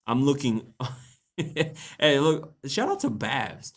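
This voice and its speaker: A man's voice: mid-range voice, huge pitch swings, slow pace. A young man hosting a casual livestream, reading posts aloud, laughing often and swearing casually.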